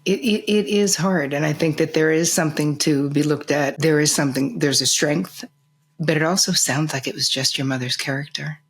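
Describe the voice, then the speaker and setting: A woman's voice: low voice, moderate pace, breathy edge. A woman hosting a podcast interview, affirming her guest as she listens and asks questions. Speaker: podcast host.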